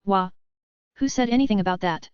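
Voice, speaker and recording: A woman's voice: medium pitch, brisk, clean tone, dry recording, natural voice. Woman playing an earnest male wolf beastkin. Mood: pleading. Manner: pleading, insistent. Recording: dry, slightly dull lo-fi.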